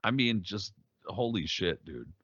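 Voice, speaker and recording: A man co-hosting a podcast, telling a story in casual chat, profane and animated, slipping into quoted voices. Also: sits low, unhurried, slightly rough, no room sound, muffled recording. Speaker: podcast co-host.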